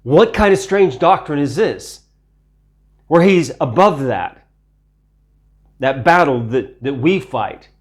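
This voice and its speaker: A man from Ukraine teaching the Bible in a sermon style, deliberate, repeating phrases for emphasis and asking rhetorical questions. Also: a little high, animated.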